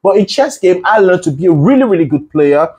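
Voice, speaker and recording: A man's voice: high voice, lively intonation, a little fast, mellow, breathy edge. A man coaching a student through a singing lesson, explaining breath control with analogies and encouragement. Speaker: vocal coach.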